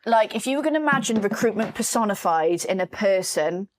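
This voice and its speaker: A woman hosting a podcast, telling stories in a lively, casual way with swearing and lots of fillers. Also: mid-range voice, brisk, slight background noise. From Wales. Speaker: podcast host. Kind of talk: casual storytelling chat.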